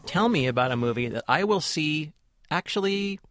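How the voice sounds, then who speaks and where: A man co-hosting a movie review podcast, talking casually with some halting restarts. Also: a little high, animated, a bit bright, soft background music. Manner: conversational, a little halting. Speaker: podcast co-host, film critic.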